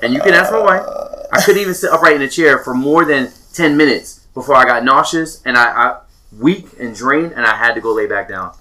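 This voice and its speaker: A man's voice: mid-range voice, animated, a little fast, sharp tone, poor audio. A man chatting casually with friends, joking and laughing often. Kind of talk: casual chat.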